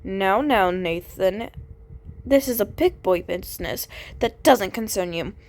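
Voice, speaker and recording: A woman's voice: medium pitch, expressive, a little slow, a little mellow. A woman voicing a smug, condescending male suspect in a detective game, talking down with a sneer. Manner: patronizing and sneering.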